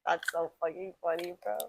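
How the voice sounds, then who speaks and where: A woman's voice: medium pitch, fairly bright tone. A young adult woman co-hosting a podcast, chatting casually and telling a family story, slangy and full of fillers. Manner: slangy, filler-heavy, laughs easily. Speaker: podcast co-host.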